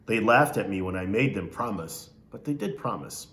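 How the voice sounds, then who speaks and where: A man reads a novel aloud in a low-pitched voice. He narrates steadily and stops to ask his listeners questions along the way. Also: animated, normal speed, fairly bright tone, roomy sound. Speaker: reader.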